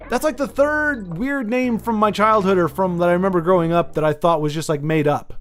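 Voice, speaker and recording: A man with a fairly high voice hosts a casual livestream, rambling, joking and talking straight to his viewers by name. Faint game music plays behind him. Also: expressive, brisk, fairly bright tone. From United States.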